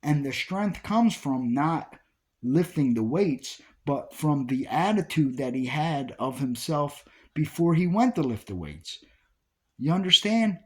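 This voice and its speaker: A man's voice: fairly high pitch, animated, measured pace, a little mellow. A man giving an informal Bible study talk, repeating key phrases with emphasis as he preaches. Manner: repetitive, emphatic preaching with restarts.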